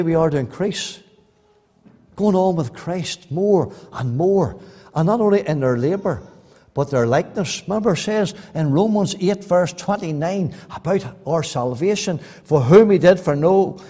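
Man preaching a sermon, high voice, emphatic, long echo of a church hall. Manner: emphatic, swings between loud rising appeals and quiet earnest asides.

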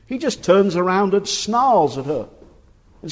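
A man's voice: high voice, big pitch swings, measured pace. A man preaching a sermon earnestly and emphatically, often asking rhetorical questions. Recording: long reverb of a large hall.

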